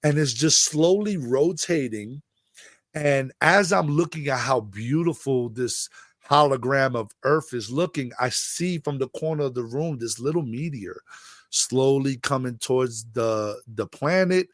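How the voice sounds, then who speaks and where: A middle-aged man from the Bronx, recounting a long personal story as an interview guest, rambling and halting with many fillers. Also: mid-range voice, lively intonation, no room sound, studio quality. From the Bronx, New York.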